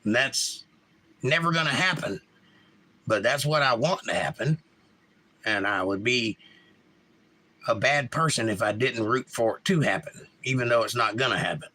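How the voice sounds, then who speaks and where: With long pauses, a sharp tone and a medium pitch at normal speed, a man runs a casual live stream. He voices blunt opinions and reads viewers' messages aloud, replying to them.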